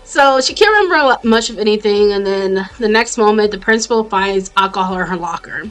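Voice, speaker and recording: A woman's voice: mid-range voice, expressive, a little fast, a bit bright, clear, resonant tone, soft background music. A woman with an American accent, chatting casually and bluntly as she recaps a TV show, swearing freely and drifting into tangents. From Jamaican family, raised in the US. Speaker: YouTuber reviewing a TV series. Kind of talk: casual commentary vlog.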